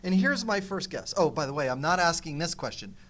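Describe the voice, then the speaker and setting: A man's voice: on the high side, a little fast. A middle-aged man teaching nonviolent communication, telling a personal story on a panel and acting out both sides of a conversation. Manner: animated, acts out dialogue.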